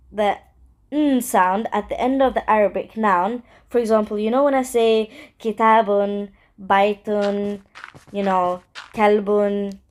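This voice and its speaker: A woman casually teaching Arabic phrases, chatty, repeating words with exaggerated question intonation. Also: mid-range voice. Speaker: language teacher and gaming channel host.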